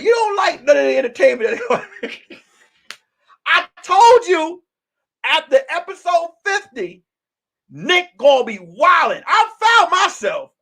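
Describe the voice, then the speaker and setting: A man hosting as a comedian, ranting in a casual, profane, animated way and circling back to repeat his points. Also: extremely high pitch, a little slow, vocal fry. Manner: animated, profane, repetitive storytelling. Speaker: comedian host. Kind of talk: casual live-stream rant.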